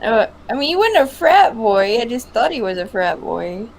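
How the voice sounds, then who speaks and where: A woman's voice: a little high, sing-song, normal speed, gravelly, slight background noise. A woman hosting a casual podcast chat, giggling and giving brief replies. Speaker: podcast host.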